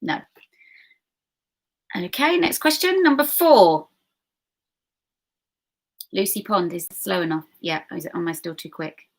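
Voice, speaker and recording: A woman hosting an online pub quiz, reading questions slowly and chatting and giggling with viewers in between. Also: lowish voice, very animated. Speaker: quiz host.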